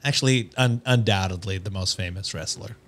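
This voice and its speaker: A man's voice: fairly low pitch, fairly quick, fairly bright tone. A man co-hosting a podcast in casual chat, telling stories playfully and animatedly. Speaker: podcast co-host.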